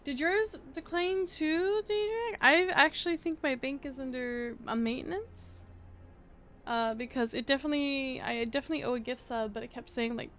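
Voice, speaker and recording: Brief: female streamer, tired, chatty and meandering, mid-high voice. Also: moderate pace, a bit bright, slight background noise. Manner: rambling, thinking aloud with many restarts. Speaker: livestreamer. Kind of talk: casual stream chat.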